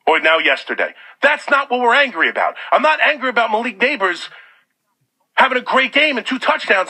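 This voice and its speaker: A man hosting sports talk radio, ranting in a loud, sarcastic, exasperated way. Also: very high-pitched, big pitch swings, normal speed. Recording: radio broadcast.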